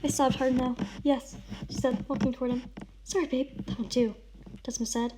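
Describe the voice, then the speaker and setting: A woman's voice: sits high, flat delivery, moderate pace, background noise. A woman giving a melodramatic read-aloud of a friend's story, with casual comments in between. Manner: over-the-top dramatic reading, shouts and sobs in the big lines. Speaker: vlogger reading a friend's writing.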